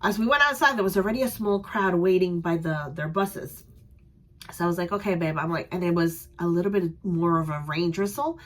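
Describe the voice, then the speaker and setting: A woman's voice: fairly low pitch, a little fast, faint music behind. Chatty young woman vlogger. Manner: animated, chatty, laughs often. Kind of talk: casual storytelling.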